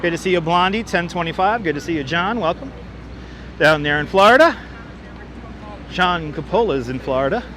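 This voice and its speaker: A chatty man hosting a walking livestream on a city street, with a high, bright voice. He jokes along as he reads comments aloud. A clip-on mic catches him, with faint traffic noise behind. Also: lively intonation, normal speed, long pauses. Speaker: livestream host. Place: outdoors on a city waterfront street. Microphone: wireless clip-on mic.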